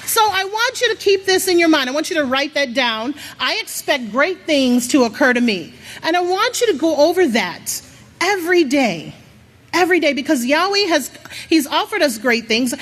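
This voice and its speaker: High, lively woman preaching. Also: measured pace. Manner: lively call-and-response, coaxing the crowd. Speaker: church speaker. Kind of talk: motivational sermon. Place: large worship hall.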